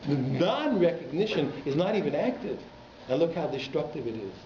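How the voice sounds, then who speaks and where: A man's voice: fairly high pitch, very animated, normal speed, crowd noise. A man, a rabbi, giving an informal Torah class to a congregation, talking in a conversational way with teasing asides to the audience. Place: synagogue hall. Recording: echoey hall, slightly muffled.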